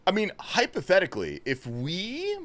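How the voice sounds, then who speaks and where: A man's voice: sits high, wildly swooping pitch, normal speed, a bit bright. A young adult man hosting a livestream, chatting casually, joking, swearing and thanking viewers from chat. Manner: loose, joking, swears a lot; reads and thanks chat messages. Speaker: livestream host.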